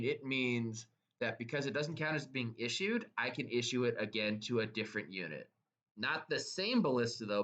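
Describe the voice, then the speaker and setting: A man's voice: mid-range voice, a bit bright, muffled recording. An enthusiastic man teaching tabletop wargame list building, tripping over his words as he explains, followed by a camera operator. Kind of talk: excited casual explanation. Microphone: camera held by helper, moving about.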